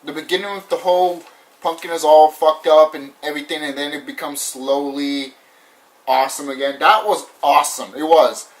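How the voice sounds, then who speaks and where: A young man casually ranting through a movie review, animated and repetitive, swearing often and laughing now and then. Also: on the high side, normal speed. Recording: voice somewhat far from the mic.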